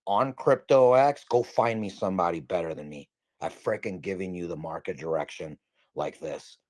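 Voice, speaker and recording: A man's voice: deep voice, normal speed, darkish tone, no room sound. A man hosting a livestream, talking in a boastful, rambling, emphatic way. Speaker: livestream host. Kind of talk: hyped casual stream talk.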